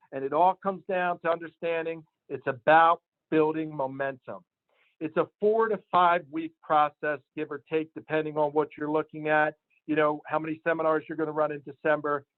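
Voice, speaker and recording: A man, a sales division manager, telling an emphatic, animated motivational story to his team. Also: a little high, dry recording. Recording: tinny phone-line sound, dry.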